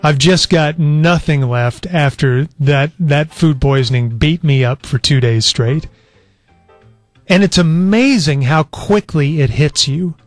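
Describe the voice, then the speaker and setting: A man's voice: fairly high pitch, no echo. A man in his forties hosting a radio show, sounding weak and worn out as he tells a long story in easy chat. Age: 40s. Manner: easygoing storyteller. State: weak and worn out after illness. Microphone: studio microphone.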